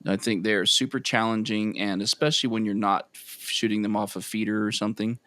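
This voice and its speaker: A man's voice: fairly low pitch, fairly even intonation, a little fast, a bit bright. A man, a guest photographer, chatting casually and teasingly on a podcast with many fillers.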